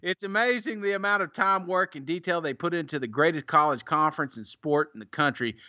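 A man's voice: fairly high pitch, a little fast, bright, forceful tone, no room sound, lo-fi sound. A man co-hosting a podcast, reading out listener reviews in a casual, teasing way and laughing often. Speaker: podcast co-host.

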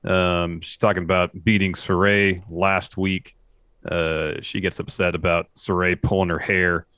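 Deep-voiced laid-back man. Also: level tone, unhurried, fairly bright tone, clear, resonant tone, no echo. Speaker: podcast co-host. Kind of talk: casual wrestling recap chat.

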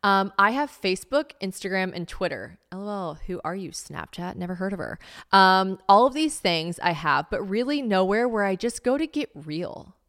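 A woman's voice: mid-range voice, expressive, moderate pace, fairly bright tone. A woman in her late twenties hosting a casual solo podcast, chatty and self-mocking, swearing freely as she talks. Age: late 20s. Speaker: podcast host.

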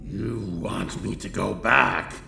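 An actor voicing the rotting ghost of a male prison inmate, snarling and bellowing in slow, drawn-out shouts in a horror audio drama. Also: on the low side, gravelly, a little hiss or hum, heavily acted. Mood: raging. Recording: echoey with music underneath.

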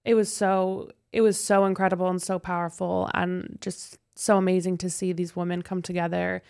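A young woman telling stories on a podcast, enthusiastic and quick, with lots of fillers. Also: on the low side, little pitch movement, vocal fry, darkish tone, smooth. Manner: enthusiastic, fast storytelling with many fillers. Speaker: podcast guest. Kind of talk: casual podcast chat.

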